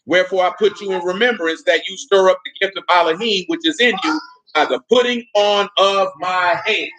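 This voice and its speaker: Male preacher, fairly high-pitched, talking colloquially to his congregation. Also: a little fast, a bit bright, rough recording. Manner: conversational preaching, colloquial, asks listeners questions. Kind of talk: sermon.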